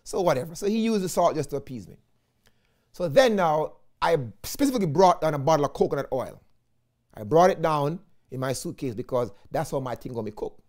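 Lively Jamaican evangelist preaching. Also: male voice, fairly high pitch, fairly quick. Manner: animated preaching, often addresses listeners as "friends", slips into patois. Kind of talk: sermon.

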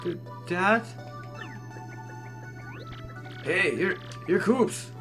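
Man doing an eager young turtle hero, earnest and a bit whiny, bright tone. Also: high voice, animated, slow pace, soft background music, pitched above the performer's own voice, exaggerated voice. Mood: surprised.

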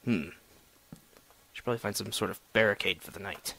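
A man's voice: fairly low pitch, a little fast, vocal fry, sharp tone, slight background noise. A young man giving solo gameplay commentary, chatty and sarcastic, talking to the objects he digs at. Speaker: gamer.

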